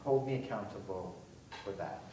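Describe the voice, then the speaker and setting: Animated male speaker in an echoey hall. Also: low-pitched, moderate pace. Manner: animated, sarcastic humor with rising emphasis. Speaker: keynote speaker. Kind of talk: university lecture and Q&A answers. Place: large lecture hall. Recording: echoey hall, distant mic, faint noise.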